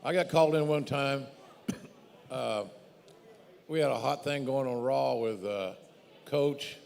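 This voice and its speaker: Gravelly man hosting, hall echo. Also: mid-range voice, slow pace, a little mellow. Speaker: podcast host. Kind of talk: podcast conversation. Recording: long hall reverb.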